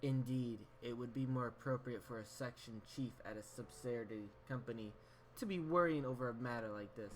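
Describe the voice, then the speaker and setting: A man at a middle pitch reads a visual novel's narration aloud for his channel, slipping in casual, slangy remarks. There is a faint hiss in his recording. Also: brisk, rough recording. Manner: plain reading voice, casual slangy asides. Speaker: gaming YouTuber.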